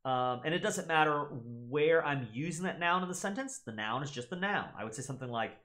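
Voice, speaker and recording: A man's voice: on the high side, fairly quick. A man who teaches Latin, explaining pronunciation in a casual, chatty way. He repeats words carefully to model them and talks straight to his viewers. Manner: animated, chatty, addresses viewers directly.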